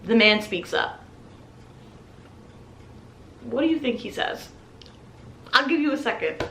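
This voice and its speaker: A young woman in her twenties, a restaurant server, telling a story in a casual, animated way and acting out the voices of customers. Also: on the high side, slow pace, echoey room, slight background noise.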